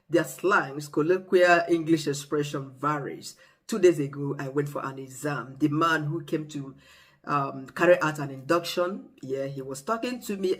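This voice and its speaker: A vlogger with a Nigerian accent talking casually to camera, telling stories in a lively, expressive way. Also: medium pitch. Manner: expressive, animated storyteller.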